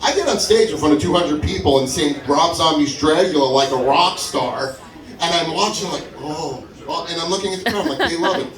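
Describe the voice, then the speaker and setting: A man telling a stand-up story at a comedy club open mic, acting out the people he quotes with big jumps in his voice. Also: fairly quick. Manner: animated, acts out quotes with big pitch jumps. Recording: echoey room, mic from far, crowd audible. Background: audience laughing.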